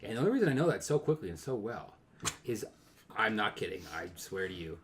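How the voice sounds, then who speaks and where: A young man co-hosting a casual podcast, ranting and telling stories in an animated way that swings from low mutters to loud bursts. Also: brisk, a little hiss or hum. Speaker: podcast co-host. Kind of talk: casual chat.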